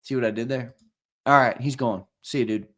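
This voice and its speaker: A young man hosting a live-stream giveaway, chatting and teasing viewers in casual banter, with loud hyped countdowns between low mumbled asides. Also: steady tone, a little fast. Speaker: show host running a live-stream giveaway.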